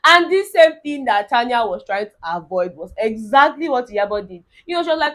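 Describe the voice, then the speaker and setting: Young Nigerian woman vlogger, sassy and animated, voice sitting a bit high. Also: brisk, few pauses. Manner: sassy, animated, mock-quoting others. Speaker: reality TV recap vlogger. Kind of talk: casual commentary mixing Pidgin.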